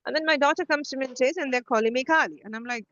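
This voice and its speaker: A middle-aged woman co-hosting a podcast, telling stories in a casual, animated way with many restarts. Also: sits high, very fast, no room sound, dull audio. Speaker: podcast co-host. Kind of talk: casual conversation.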